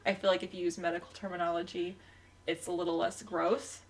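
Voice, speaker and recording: A woman's voice: on the low side, level tone, a little fast. Chatty woman co-hosting a podcast. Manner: chatty, steers the talk back with "okay, well". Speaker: podcast co-host. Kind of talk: casual chat.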